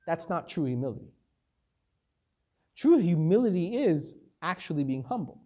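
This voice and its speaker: A rabbi with a notably high-pitched voice delivers a Torah lecture. He speaks in a relaxed, conversational way, tells stories with animation and mixes Hebrew terms into his English. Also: moderate pace, long pauses, highs cut off.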